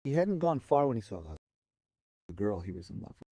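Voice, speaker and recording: Lively, mellow-voiced male storyteller. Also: on the low side, brisk, slightly rough, dry recording. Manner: expressive, swings from soft to emphatic. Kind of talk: dramatic oral storytelling.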